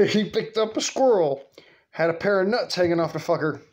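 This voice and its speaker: A man's voice: high voice, animated, normal speed. A man casually telling a rambling, profane story from his childhood, laughing as he goes.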